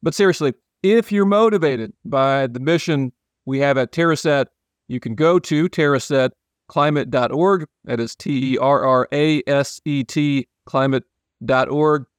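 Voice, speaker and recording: A man's voice: mid-range voice, measured pace, no echo, studio quality. A man hosting a podcast, joking and rambling with frequent restarts in casual chat. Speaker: podcast host.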